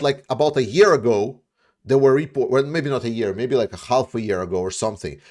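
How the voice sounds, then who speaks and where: A man with a medium-pitched, somewhat dark voice, a YouTube war commentator, offers casual commentary and answers viewer questions. He talks bluntly, restarting often, with plenty of fillers and some swearing.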